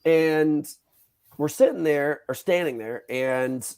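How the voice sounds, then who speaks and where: Animated storytelling male podcast host. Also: on the high side, slow, clear, resonant tone. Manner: animated, swears freely, acts out quotes. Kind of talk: casual storytelling chat.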